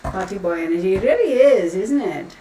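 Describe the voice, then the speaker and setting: With lively intonation and a slightly quick pace, a woman with a mid-range voice rambles through her casual tarot livestream, reading viewers' comments aloud. She's off a distant mic in an echoey room with faint noise.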